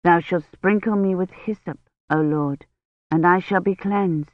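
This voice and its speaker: A reader voicing a gentle, solemn medieval priest who murmurs Latin prayers slowly. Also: medium pitch, dry recording, lightly acted. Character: gentle solemn medieval male priest giving last rites. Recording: dry tinny phone-like audio.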